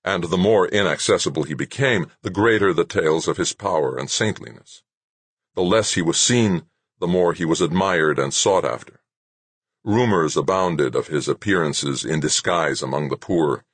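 Deep, husky male audiobook narrator. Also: normal speed, dry recording. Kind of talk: scripted narration.

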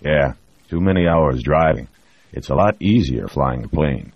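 A man's voice: rumbling low, lively intonation, unhurried, creaky, no echo, lo-fi sound, heavily acted. A man reading an audiobook, voicing a wry, easygoing astronaut and former pilot with a laconic way of talking.

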